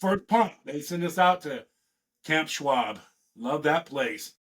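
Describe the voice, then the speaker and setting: A man in his fifties from California, a veteran guest telling rambling, profane stories in a casual, animated way. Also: fairly high pitch, slow. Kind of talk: casual storytelling.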